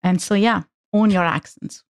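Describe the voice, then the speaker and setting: A woman's voice: medium pitch, steady tone, moderate pace, smooth, no echo, studio quality. A woman with a Pakistani English accent, a guest speaking earnestly about her views in casual chat. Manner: earnest, opinionated, laughs between points. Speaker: podcast guest, activist.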